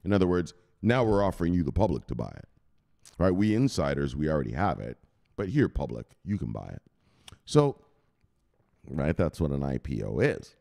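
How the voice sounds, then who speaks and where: A man's voice: rumbling low, sing-song, normal speed, gravelly, pauses often, dark tone. A man hosting a crypto channel, giving a coarse, swearing motivational rant and constantly asking "right?".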